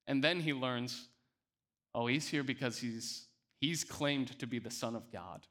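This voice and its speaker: A man's voice: mid-range voice, measured pace, a bit bright. A male pastor preaching a sermon, speaking emphatically and often repeating words as he restarts.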